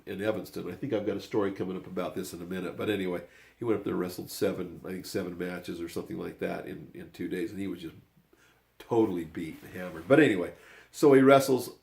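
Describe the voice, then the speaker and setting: A man's voice: deep voice, gravelly, a little mellow. An older man, a grandfather, telling a family story in a rambling, casual way, often circling back with "anyway".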